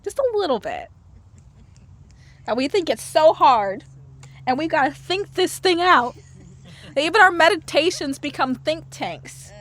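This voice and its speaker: A woman's voice: high-pitched, animated, measured pace, pauses often, fairly bright tone. A woman guest in a casual interview, speaking playfully and laughing often. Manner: playful, laughs often, acts out inner voices. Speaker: podcast guest, herbal medicine lecturer.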